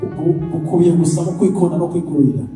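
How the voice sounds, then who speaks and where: A man interprets a church testimony live, rattling off each sentence at a very fast clip right after the speaker. His voice sits a little high yet sounds dark and mellow. He is heard from far off in a very echoey hall over faint music.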